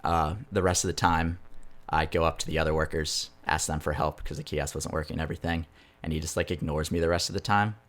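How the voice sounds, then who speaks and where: A man's voice: extremely low pitch, steady tone, quick pace, a bit bright. A young man, a podcast co-host, telling a story in a rambling, casual way and swearing freely.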